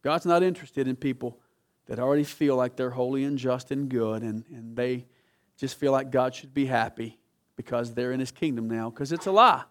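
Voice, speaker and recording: A male pastor preaching a sermon in a church, swinging from quiet asides to loud, emphatic scripture reading. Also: medium pitch, normal speed.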